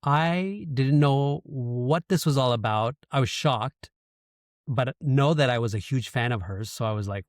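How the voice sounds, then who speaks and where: With a medium-pitched voice and an unhurried pace, a podcast guest from Canada, in his thirties, recounts an emotional story from his own life in a casual interview. He's candid and curses occasionally, and the sound is clean studio audio with no echo.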